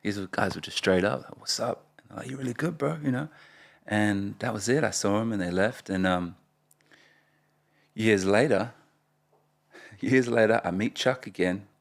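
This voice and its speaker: A man, speaking in a very low voice with a rough, gravelly fry. He is a guest in a casual interview and tells his stories with animation, often breaking into laughter. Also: unhurried, long pauses. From Australia (Perth). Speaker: guest, rapper.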